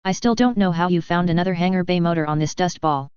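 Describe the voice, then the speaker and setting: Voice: mid-range voice, quick pace, darkish tone, clean tone, no room sound, dull audio, lightly acted. A storyteller reading a young male dropship captain who reports in a polite, businesslike way.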